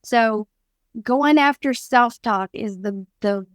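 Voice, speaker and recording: A woman's voice: on the high side, slow pace, no room sound. Emphatic Southern woman, dry close sound. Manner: earnest, emphatic teaching tone. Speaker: therapist and counseling teacher. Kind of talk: podcast guest explaining.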